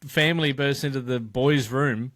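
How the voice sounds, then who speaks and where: A man's voice: mid-range voice, fairly even intonation, a bit bright, dry recording, clean studio sound. A young man co-hosting a podcast, cracking crude jokes and laughing in casual banter. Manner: crude joking, quick to laugh. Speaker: podcast co-host.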